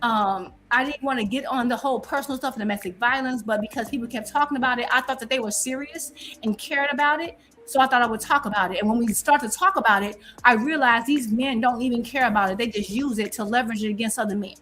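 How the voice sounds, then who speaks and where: A woman's voice: on the high side, quick pace, a bit bright. A woman on a live-stream panel, arguing in a confrontational, defiant way and repeating her points.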